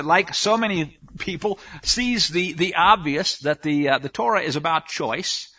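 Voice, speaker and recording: A man's voice: a little high, sharp tone, dull audio. A man preaching a sermon on scripture, emphatic, often asking the listeners rhetorical questions. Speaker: Bible teacher.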